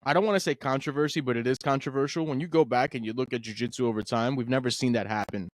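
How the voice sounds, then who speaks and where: A man hosting a podcast in casual conversation, telling stories with lively acted-out quotes. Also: mid-range voice, quick pace, dry recording, poor audio. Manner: animated storyteller, acts out quoted voices. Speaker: podcast host.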